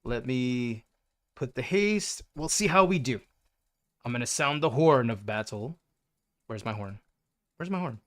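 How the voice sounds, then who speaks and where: A man's voice: medium pitch, lively intonation, a little slow, long pauses. A man livestreaming a game, chatting playfully with his viewers and greeting them by name. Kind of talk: casual gameplay chat with viewers.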